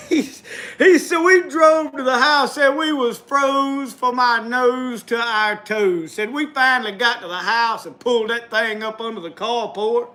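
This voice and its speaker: Man, folksy storyteller, high bright voice, laughs through his tale. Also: measured pace. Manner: laughs through his own story, drawling rural dialect.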